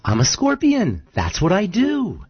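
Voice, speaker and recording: A man voicing a smooth-talking, unapologetic scorpion in a spoken fable, his voice raised in pitch. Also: wildly swooping pitch, a little slow, full character voice. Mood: matter-of-fact. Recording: dull lo-fi recording.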